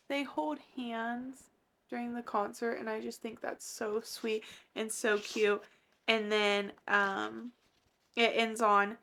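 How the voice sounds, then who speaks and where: A young woman in her twenties talks through a manga as a book vlogger, gushing and reacting with animated excitement. Her voice is bright and sits a little high. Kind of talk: casual reading vlog.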